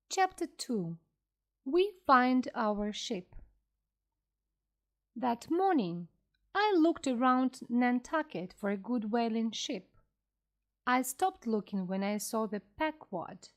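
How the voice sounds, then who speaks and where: A woman reading a classic story aloud slowly and clearly for English learners. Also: a little high. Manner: slow, clear, expressive reading. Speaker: audiobook reader for learners.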